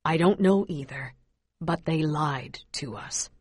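A woman reading the lines of a gentle, grieving father, speaking softly and slowly in a lowered voice. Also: breathy edge, no room sound, exaggerated voice. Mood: gentle, sorrowful. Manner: soft, slow, lowered voice. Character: gentle, sorrowful father on a refugee march.

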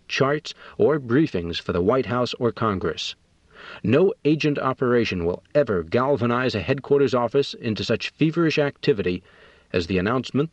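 A man narrating an audiobook in a measured, matter-of-fact way. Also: mid-range voice, no echo. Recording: dull, dry recording.

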